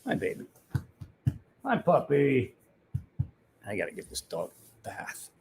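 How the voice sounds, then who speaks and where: A man's voice: medium pitch, wildly swooping pitch, takes it slowly, vocal fry, slight background noise. A man casually chatting with viewers on a livestream, joking, rambling and swearing freely. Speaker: livestream host.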